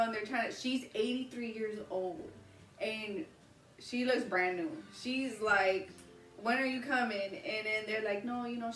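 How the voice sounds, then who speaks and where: A woman in her thirties, a vlog host, telling a personal story in casual, animated chat and often breaking into laughter. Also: medium pitch, a little hiss or hum. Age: 30s. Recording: roomy, distant mic, faint ambience.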